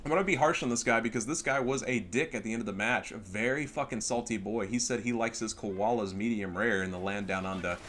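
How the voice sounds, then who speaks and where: A man's voice: lowish voice, fairly quick, hardly any pauses, a bit bright, slight background noise. A man giving casual, crude and joking commentary over a strategy game match. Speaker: gameplay commentator.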